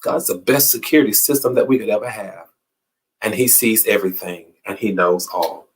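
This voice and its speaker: This host's voice is lowish and breathy at the edges, and he keeps a moderate pace. Delivering an uplifting talk, he speaks like a preacher, circling back to the same phrases as his emphasis rises and drops.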